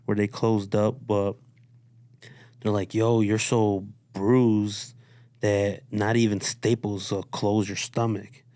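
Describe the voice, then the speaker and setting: A man's voice: lowish voice, level tone, slow, warm tone, dry recording. A man from Chicago, a guest on a podcast, telling his story in a laid-back, profane way and quoting what others said. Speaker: guest artist. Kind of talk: casual interview talk. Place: studio.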